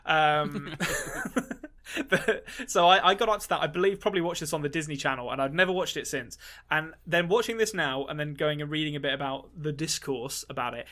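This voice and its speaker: A man's voice: fairly high pitch, normal speed, bright, forceful tone. A man co-hosting a movie podcast in casual chat, rambling and swearing freely with many restarts. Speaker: podcast co-host.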